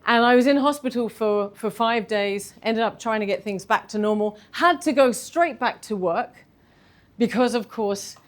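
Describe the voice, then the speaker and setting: A woman, telling a candid personal story in a talk, animated and self-deprecating. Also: a little high, normal speed. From London. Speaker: speaker giving a talk.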